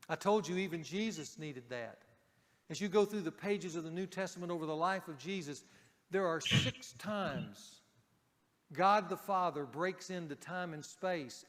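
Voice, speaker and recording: A man preaching a sermon to a men's group, speaking emphatically and dropping to a hush on key points. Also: fairly high pitch, a little slow, long reverb tail.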